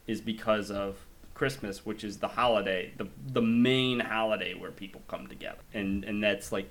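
A man in casual conversation about films, chatty and quick to laugh, with frequent restarts. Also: lowish voice, fairly bright tone. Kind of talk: casual chat about movies.

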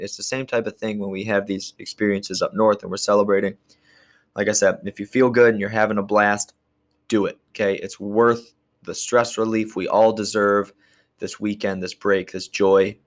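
Male podcast host, lowish voice, loose jokey delivery with laughs mid-sentence. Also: level tone, moderate pace. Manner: jokey, rambling, laughs while talking. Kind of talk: casual monologue. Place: gym.

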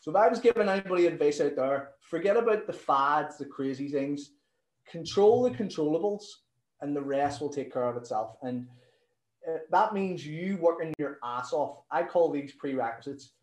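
A man, a nutrition coach telling stories in a casual interview, animated and swearing freely. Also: fairly high pitch, normal speed, echoey room, poor audio.

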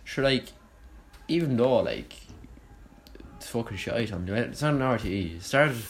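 A man's voice: mid-range voice, expressive, a little slow, slight background noise. A young Irish man hosting a comic podcast, joking around as a boozy lad with a lot of swearing and laughter. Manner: swearing, mock-serious, laughing. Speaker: podcast host. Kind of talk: comedic banter playing a boozy lad.

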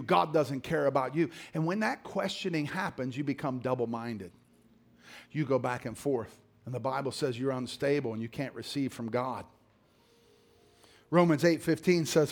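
A middle-aged male pastor preaching a sermon, dropping to low murmurs and climbing to shouted exhortation. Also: moderate pace, vocal fry.

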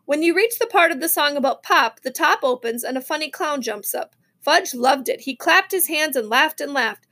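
A woman reading a children's novel aloud, expressive, with small slips and restarts. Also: sits high, normal speed. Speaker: reader.

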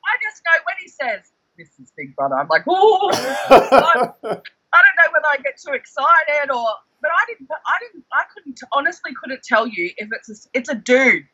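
A man, a guest telling animated stories in casual chat, heavy on the word "like". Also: extremely high pitch, moderate pace, rough recording. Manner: excitable, animated storyteller, fillers like "like". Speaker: guest, former reality show contestant.

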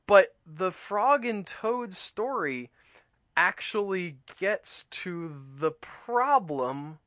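A man's voice: high-pitched, animated, extremely slow, fairly bright tone, no echo, studio quality. A man hosting a reflective talk. He reads a children's story aloud and explains it thoughtfully, with small restarts. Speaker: host reading and discussing a children's book. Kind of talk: reflective commentary and read-aloud.

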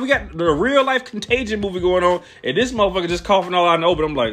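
A man, ranting casually with lots of profanity and animated storytelling. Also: high voice, quick pace, few pauses, soft background music. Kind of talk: casual rant.

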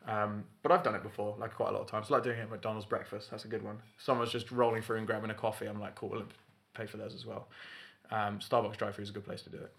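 A young man in casual chat, telling stories with lively mock voices for the people in them. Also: lowish voice, vocal fry. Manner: animated storytelling with quick mock voices. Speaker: podcast co-host.

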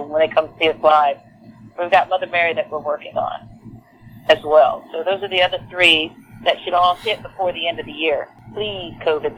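A woman with a Southern accent from Texas, a lead singer chatting as a guest in a casual interview, animated and full of fillers and restarts. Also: lowish voice, highs cut off, slight background noise. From Texas, USA.

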